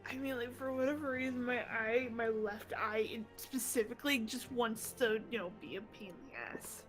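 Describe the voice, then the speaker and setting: A woman's voice: fairly high pitch, moderate pace, faint music behind. A woman in a group call chatting casually, with lots of fillers. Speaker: streamer's friend. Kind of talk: casual chat.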